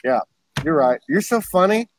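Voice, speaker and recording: A man's voice: a little high, big pitch swings, moderate pace, a little hiss or hum, low-quality recording. A man hosting a casual livestream chat over a video call, talking in a rambling way and laughing often. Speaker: host.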